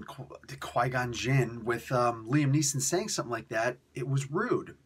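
A man reviewing comics on video in a ranting, sarcastic way, swinging between loud outbursts and quiet mutters, and sounding tired. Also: mid-range voice, slightly rough. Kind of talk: animated solo video review.

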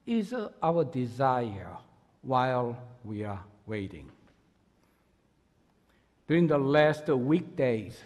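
A man preaches a sermon in a fairly high, animated voice, taking his time over each phrase. He is earnest and emphatic, with an other than English. The church hall around him rings with long reverb. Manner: earnest, emphatic, with rising bursts of energy. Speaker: pastor. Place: church sanctuary.

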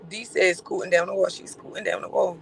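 A man chatting to a livestream audience in a sassy, campy manner. He teases and gossips, full of drawn-out exclamations and laughter. His voice sits high with a bright edge and a gravelly fry. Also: steady tone, a little hiss or hum, poor audio.

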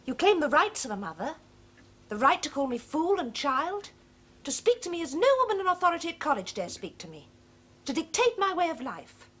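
A cool, high-voiced young daughter. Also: female voice, fairly bright tone, full character voice. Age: young adult. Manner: crisp, cool and precise. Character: cool, self-possessed young college-educated daughter. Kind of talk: period film drama acting.

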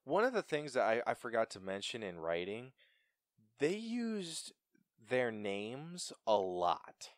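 A young man co-hosting a podcast, chatting casually about a film with an animated, stumbling delivery and frequent laughs. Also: medium pitch, slow pace, no room sound, clean studio sound. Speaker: podcast co-host. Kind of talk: casual film review chat.

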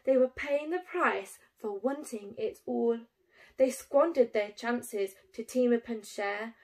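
High-voiced teacher reading a picture book. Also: female voice, slow. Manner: expressive, sing-song rhyming delivery.

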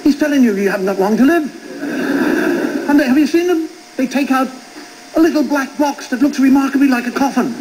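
A man's voice: very high voice, brisk. A man in his fifties telling a wry stand-up monologue, acting out both sides of conversations in his stories. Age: 50s. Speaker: stand-up comedian. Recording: noisy old television broadcast.

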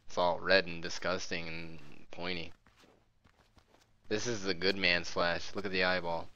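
A young man giving live commentary on his own video game match, joking and swearing, and breaking into excited shouts. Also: deep voice, highs cut off. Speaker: gamer streaming his match.

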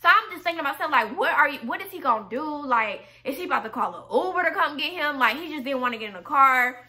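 A young woman with a high, bright voice that has a sharp edge. She tells a story straight to camera in a loose, animated way, packing every sentence with "like" and casual swearing. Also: fast. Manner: animated, full of "like" fillers and swearing. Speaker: vlogger telling a personal story.

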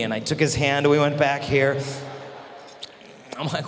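Male conference speaker, lively storyteller, voice ringing in a large hall. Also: medium pitch, normal speed. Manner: animated, acts out quoted voices. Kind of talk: storytelling talk to a youth audience. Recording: long hall reverb, faint noise.

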